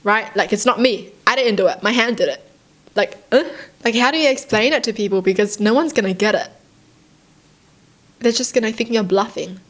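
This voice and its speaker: A young woman with a slightly high voice reacts to read-out stories on her own channel in a casual chat. Curious and easily excited, she fires off quick questions one after another, her talk loaded with "like" and loose, chatty asides.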